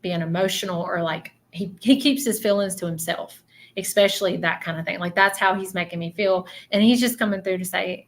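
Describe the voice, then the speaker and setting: A woman's voice: on the low side, fairly even intonation, brisk. A woman giving a psychic reading to viewers on a livestream. She talks earnestly and often checks in with "okay?". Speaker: psychic medium.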